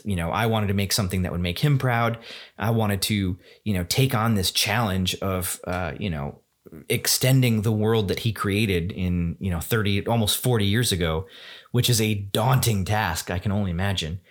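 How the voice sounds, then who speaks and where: Rambling man hosting a solo podcast. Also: fairly low pitch. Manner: rambling, enthusiastic, many fillers and restarts. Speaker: podcast host. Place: home room.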